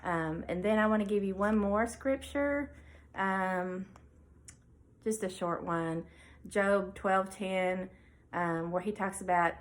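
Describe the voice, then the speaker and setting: A woman veterinarian hosting her own show, talking casually about faith and reading scripture aloud between thoughtful pauses. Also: medium pitch, poor audio. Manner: conversational with fillers, reads scripture aloud. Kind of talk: casual devotional talk.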